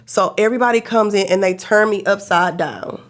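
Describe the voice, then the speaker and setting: A woman telling a personal story in a casual, animated way, acting out the quotes. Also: a little fast. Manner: animated, acts out quotes with big pitch jumps.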